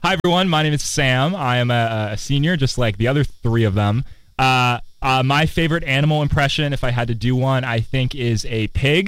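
A man's voice: medium pitch, fairly bright tone, smooth, no room sound. A man in his twenties hosting a student radio show, chatting in a playful, rambling way. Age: 20s. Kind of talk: casual chat. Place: outdoors on a campus quad.

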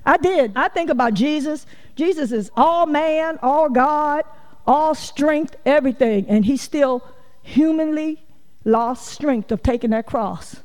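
A woman's voice: high voice, a little mellow, long reverb tail. A woman preaching a folksy, conversational sermon, acting out quotes and laughing often. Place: church sanctuary.

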